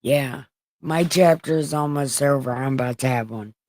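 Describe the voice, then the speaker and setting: A woman's voice: very deep voice, normal speed, a little mellow, a little hiss or hum. A woman livestreaming from home, reading scripture in a casual, irreverent way, crude and joking as she talks.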